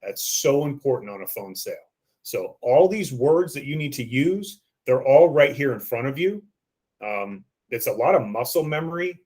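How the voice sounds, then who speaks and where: A man's voice: medium pitch, lively intonation, normal speed, a little mellow, slightly rough. A man giving a training lesson on phone sales scripts, coaching listeners and acting out the script lines.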